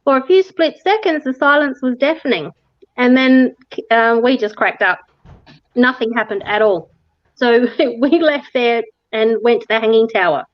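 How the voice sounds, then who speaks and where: Woman guest, high voice, lively storyteller who laughs and acts out the dialogue, close dry sound. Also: normal speed, dry recording, lo-fi sound. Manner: animated, laughs often, acts out quoted dialogue. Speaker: interview guest recounting a ghost tour. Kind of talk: casual storytelling.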